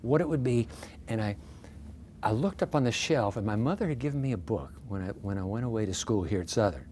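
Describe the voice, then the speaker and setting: A pastor in his sixties, guest in an interview, telling stories in a lively way with self-deprecating humor. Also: lowish voice, fast, slight background noise. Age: 60s. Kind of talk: storytelling in a casual interview.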